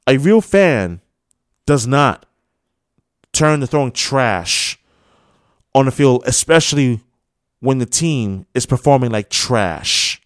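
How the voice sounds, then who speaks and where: Man, sports radio host, lively swooping pitch, dry close sound, heated rhetorical questions. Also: slow, long pauses, no echo. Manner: fired-up, scolding rhetorical questions. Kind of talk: sports opinion monologue.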